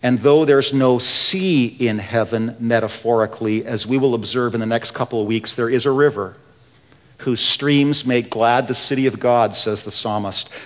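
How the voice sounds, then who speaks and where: A man's voice: mid-range voice, normal speed. Impassioned preacher man in a reverberant hall. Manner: impassioned preaching, rising then dropping to hushed. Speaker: pastor. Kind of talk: sermon.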